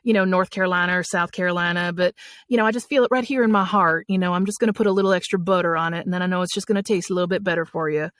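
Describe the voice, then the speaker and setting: Lady doing a syrupy southern gal, drawly and homey, lowish voice, dry sound. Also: fairly even intonation, racing, no room sound, lightly acted. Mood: folksy. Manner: drawling, warm folksy phrases.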